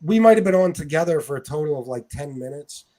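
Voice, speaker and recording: High-voiced man hosting a casual livestream. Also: lively intonation, fast, mellow. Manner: loose and profane, with many fillers. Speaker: livestream host. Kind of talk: casual chat.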